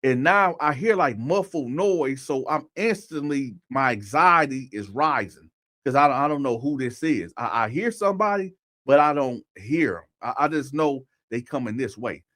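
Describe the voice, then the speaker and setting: A man's voice: medium pitch, animated, normal speed, fairly bright tone. A man telling a personal story in a casual, conversational way, often talking straight to his listeners and checking in with "right?". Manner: conversational, addresses listeners directly, repeats "right?".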